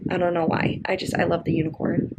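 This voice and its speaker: A woman's voice: lowish voice, level tone, fast talker, very noisy. Young woman book vlogger, chatty, gushing, casual vlog talk. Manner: chatty and gushing, lots of "really" and "like".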